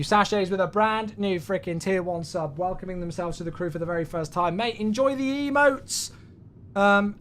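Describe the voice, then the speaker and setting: A man's voice: high voice, a little hiss or hum. A man streaming a flight simulator, chatting casually with viewers, thanking them and joking to himself.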